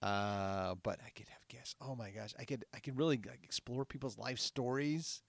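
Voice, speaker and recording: A man's voice: medium pitch, normal speed, gravelly, no room sound. A man hosting an improvised comedy podcast, giggly and eager as he plays along. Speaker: podcast host.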